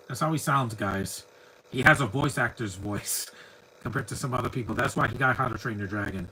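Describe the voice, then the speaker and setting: Chatty man with a bright voice. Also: mid-range voice, a little fast, slight background noise, rough recording. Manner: chatty, opinionated, rambling asides. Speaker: film commentator. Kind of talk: live movie commentary.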